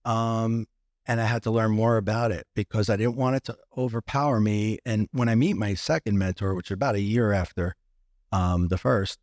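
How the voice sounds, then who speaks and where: A man's voice: on the low side, steady tone, normal speed, darkish tone, dry recording, studio quality. A man guest on a podcast, telling a personal story with many restarts and acting out what others said.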